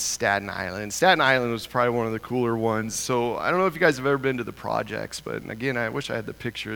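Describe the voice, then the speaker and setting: A pastor from Idaho telling a humorous, self-deprecating story in a sermon. He talks in an animated way and chuckles often. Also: mid-range voice, vocal fry. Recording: long reverb of a large hall.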